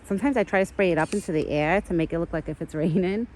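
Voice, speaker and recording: A woman's voice: lowish voice, fast talker, darkish tone, a little hiss or hum. A woman filming herself outdoors on a phone, chatting casually and cooing at the animals she feeds. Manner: coos sweetly at animals in a raised baby-talk voice. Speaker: vlogger feeding wild animals. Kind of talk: casual chat. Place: outdoors in a yard by woods.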